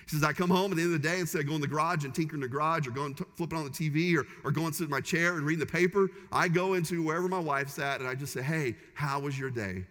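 A man's voice: a little high, rapid-fire, hardly any pauses, a bit bright. A man preaching a sermon as pastor, conversational and humorous with punchy repeated phrases. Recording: long hall reverb.

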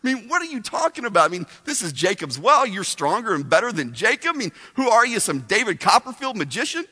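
Tough sarcastic woman as acted by a man, bright tone, long hall reverb. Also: high-pitched, big pitch swings, normal speed, heavily acted. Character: sarcastic hardened woman, smart-aleck villager.

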